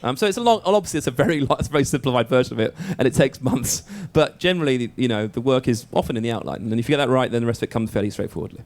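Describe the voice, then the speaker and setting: A man, a film director, answering audience questions in a brisk, chatty, explanatory way. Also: medium pitch, darkish tone. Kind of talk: press event Q&A.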